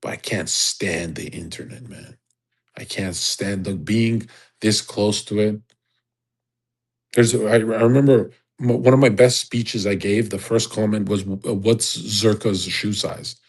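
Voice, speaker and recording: A man's voice: fairly low pitch, steady tone, unhurried, slightly rough. A man hosting a livestream, delivering a crude, rambling, exasperated monologue. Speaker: livestream host. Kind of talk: profane ranting monologue.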